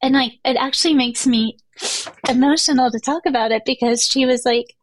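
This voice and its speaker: A woman's voice: sits high, fairly quick, slight background noise. A middle-aged woman hosting a podcast, telling a personal story in a chatty way, full of fillers and restarts. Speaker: podcast host. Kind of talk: casual storytelling monologue.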